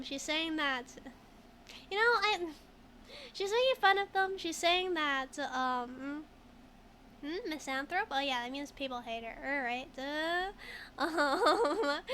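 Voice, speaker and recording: A woman's voice: high voice, sharp tone, a little hiss or hum. A woman streaming a game who jokes, giggles often and reads chat in casual commentary. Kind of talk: casual let's-play commentary.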